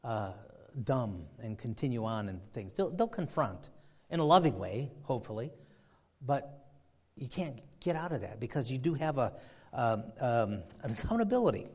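A man preaching a sermon, fervent, swinging between loud emphasis and quiet asides. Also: mid-range voice, sing-song, normal speed, breathy edge. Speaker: pastor.

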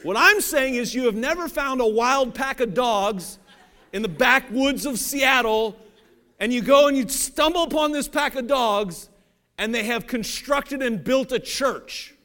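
A man's voice: very high voice, lively intonation, measured pace, pushed and bright. A man from Cincinnati, Ohio, preaching a sermon in a conversational, joking way and often checking that the audience follows along. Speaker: pastor.

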